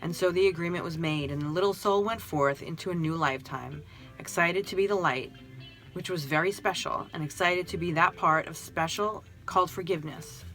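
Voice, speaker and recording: A woman reading a spiritual storybook aloud in a gentle, emotional manner. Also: lowish voice, brisk, faint music behind.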